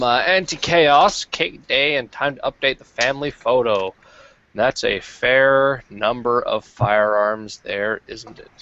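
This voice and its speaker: A man's voice: fairly low pitch, creaky, a bit bright. A man hosting a podcast, chatting casually and profanely with many fillers. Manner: profane, rambling, frequent fillers. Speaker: podcast host. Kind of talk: casual chat. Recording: dull lo-fi podcast audio.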